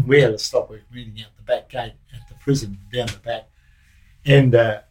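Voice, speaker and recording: Older aussie bloke, ex prison officer, rambling yarns, normal middle pitch. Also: male voice, fairly even intonation, normal speed, a little mellow, low-quality recording. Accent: Australian. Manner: rambling, anecdotal, with slang and restarts. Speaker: former prison officer, guest. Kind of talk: casual interview storytelling.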